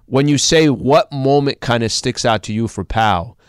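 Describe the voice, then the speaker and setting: A man's voice: mid-range voice, normal speed, clear, resonant tone, no echo. Guy on a sports talk show, chatty, walking through old games, dry close mic. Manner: conversational, recounting games with fillers.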